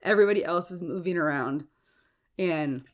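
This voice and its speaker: A woman's voice: fairly low pitch, moderate pace. A woman hosting a casual solo podcast while sick with a cough and sore throat, chatty and stumbling over her words. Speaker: podcast host.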